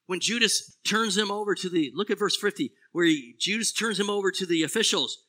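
A pastor delivers a sermon in a fairly high, very bright and forceful voice, speaking a little fast. He preaches with animation, climbing to loud exclamations and then dropping into quiet, low phrases.

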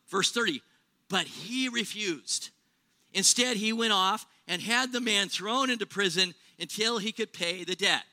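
A man's voice: high voice, a little slow, pushed and bright. A man preaching a sermon in a conversational way, asking rhetorical questions and exaggerating for humor. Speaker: pastor.

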